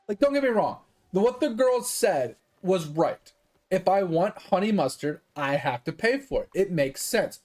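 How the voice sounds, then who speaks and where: A man's voice: high voice, a little mellow. A man streaming games, ranting in casual chat, exasperated and swearing freely. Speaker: gaming streamer.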